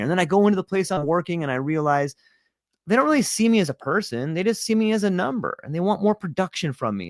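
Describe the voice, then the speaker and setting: A middle-aged male guest with a fairly high voice tells a personal story candidly and casually, swearing freely and laughing often. The recording is studio quality with no echo.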